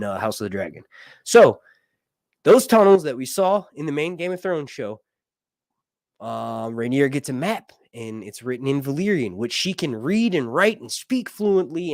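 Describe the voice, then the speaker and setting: Excitable, swearing male livestream host. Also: mid-range voice, dry recording, clean studio sound. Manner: rambling, excitable, swears freely, laughs often. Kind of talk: casual live reaction and analysis.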